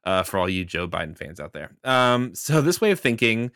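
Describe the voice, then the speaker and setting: A man hosting a podcast with a fairly low, bright and forceful voice. He talks casually and jokes, often chuckling mid-sentence. The sound is close and dry, with no room around it. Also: very animated, normal speed, clean tone, dry recording. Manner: jokey, chuckles while talking. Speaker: podcast co-host.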